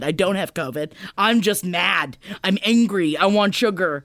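A woman's voice: mid-range voice, dry recording, studio quality. A woman co-hosting a podcast, talking in a casual and emotional way and laughing easily. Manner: animated, emotional, quick to laugh. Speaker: podcast co-host. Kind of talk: casual chat.

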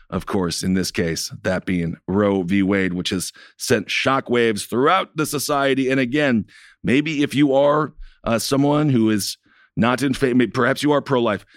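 A man's voice: mid-range voice, no echo. Man, political commentary, sarcastic, rambling, dry close sound. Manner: sarcastic, rambling, jokey asides. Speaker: co-host of a political talk show.

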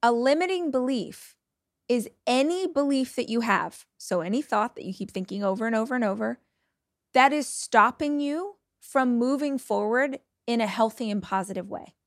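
A woman in her forties hosts a motivational podcast in a blunt, energetic voice and swears now and then. Her voice sits a little high. The close mic gives a dry sound with no room echo. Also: moderate pace. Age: 40s. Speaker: podcast host.

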